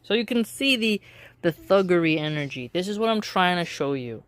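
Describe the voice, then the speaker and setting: A woman giving casual opinion commentary in a wry, measured way, drawing out her phrases with pauses. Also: lowish voice, expressive, no echo. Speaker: political commentary vlogger.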